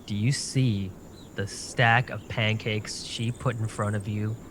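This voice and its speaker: A man's voice: lowish voice, fairly even intonation, takes it slowly, noisy background, voice pushed down. A man playing a teasing, stammering adventurer.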